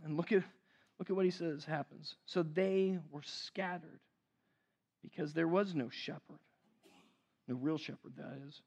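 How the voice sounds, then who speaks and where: Man, pastor, sermon, high-pitched, earnest, slow emphatic phrasing, swings from forceful to hushed. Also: gravelly, breathy edge, dull audio. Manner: earnest, rises to emphatic then drops to hushed; slows down to stress key phrases.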